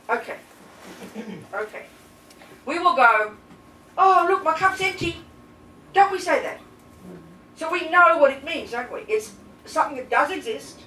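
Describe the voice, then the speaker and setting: A woman with a fairly high voice gives a live Buddhist class, blunt and animated, constantly asking her listeners rhetorical questions. She is picked up by a mic some way off, so her voice echoes around the room. A faint hiss runs underneath. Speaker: Buddhist nun teacher. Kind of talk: live dharma teaching to a class. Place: teaching room with audience. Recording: roomy echo, distant mic, faint hiss.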